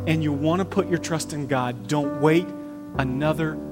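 A man's voice: on the high side, moderate pace. A man preaching a conversational sermon to his church, acting out the voices of the people he quotes. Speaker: pastor. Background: soft piano and guitar music.

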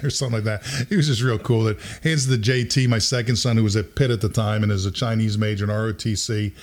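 A middle-aged man telling a story in casual conversation, lively and chuckling, often acting out what other people said. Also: lowish voice, quick pace, hardly any pauses. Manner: animated, acts out quoted voices, chuckles while telling.

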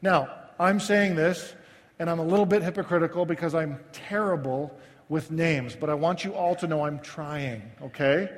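A male pastor preaching a sermon in a conversational, self-deprecating way, with frequent halting restarts. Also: a little high, fairly even intonation, long reverb tail.

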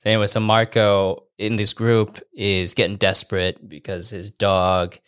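A man in casual, profane chat, telling animated stories and mimicking people in high put-on voices. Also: a little slow, clear, resonant tone.

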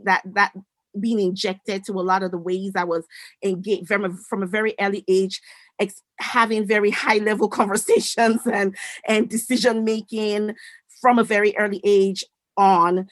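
An adult woman speaks as an interview guest, recounting her life in an animated, conversational way that acts out snippets of remembered dialogue. Her voice sits in an ordinary middle register, and the recording is dry and close with no room sound. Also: mid-range voice, moderate pace, no echo. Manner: animated, acts out quoted dialogue, many restarts. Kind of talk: conversational storytelling.

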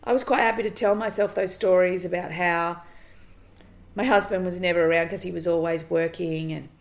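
A woman's voice: fairly low pitch, steady tone, a little fast. A woman coach talking on her own podcast, earnest and emphatic, repeating her phrases and swearing casually. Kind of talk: solo motivational podcast monologue.

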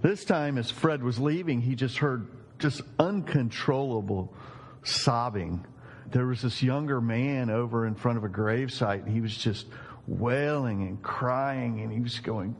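A man's voice: medium pitch, normal speed. A male pastor preaching a sermon in an emphatic storytelling manner. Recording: long reverberant hall.

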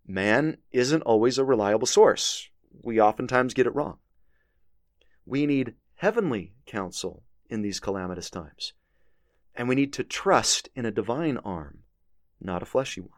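A man's voice: medium pitch, expressive, a little slow, no echo, studio quality. A man teaching a scripture lesson, reading verses aloud with earnest emphasis. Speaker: religious teacher.

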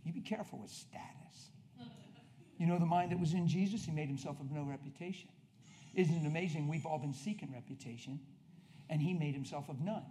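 Male preacher, high voice, excitable, shouts then drops quiet; light background hiss. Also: quick pace. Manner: excitable, shouting bursts, acts out conversations. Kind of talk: energetic sermon.

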